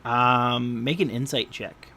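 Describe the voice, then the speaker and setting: A man in a middle-pitched voice runs a tabletop game at a slow, unhurried pace. He hesitates often and fills the gaps with fillers. Faint noise hangs behind him. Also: steady tone, vocal fry, sharp tone. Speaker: game master.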